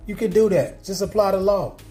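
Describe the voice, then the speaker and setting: A man's voice: high voice, a little fast, warm tone, faint music behind. A man hosting a recorded call, talking in a casual, emphatic, slangy way. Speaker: channel host.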